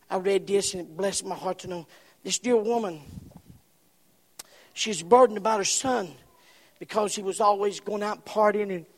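A man preaching a sermon, impassioned, swinging from shouts to hushed whispers. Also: sits high, in a large hall.

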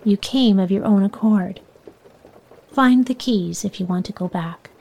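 A woman's voice: medium pitch, a little slow, a little mellow. A woman voicing a cruel, sneering old woman from a moon kingdom, speaking coldly and curtly.

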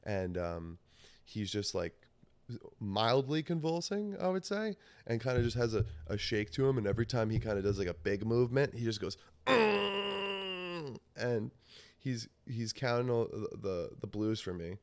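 A man's voice: on the low side, lively intonation, normal speed, darkish tone, no room sound. A man hosting a podcast, telling a rambling, profane story in casual talk and laughing often. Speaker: podcast host.

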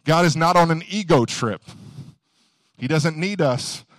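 A man's voice: a little high, a bit bright, dry recording, clean studio sound. Young man preaching casually. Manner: conversational, storytelling, quick bursts of emphasis. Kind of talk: casual sermon.

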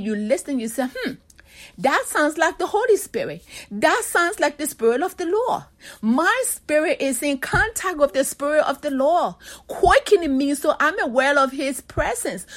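High-voiced woman preaching a sermon. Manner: earnest exhorting, drawn-out emphasis.

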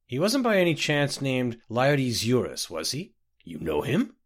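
A grim, wry male clerk with a dry, sardonic edge and a lively lilt to his speech. A man voices him in a storybook reading. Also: mid-range voice, unhurried, pitched above the performer's own voice.

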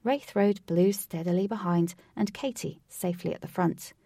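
A woman narrating a storybook aloud in a steady, measured reading, recorded from a distance from the microphone. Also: lowish voice, vocal fry, no room sound. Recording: distant from the mic, dry.

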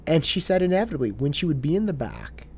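Animated man telling a story. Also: fairly high pitch, fast talker, vocal fry, slight background noise. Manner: earnest, repeats his words as he talks. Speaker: tutor. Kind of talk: storytelling monologue.

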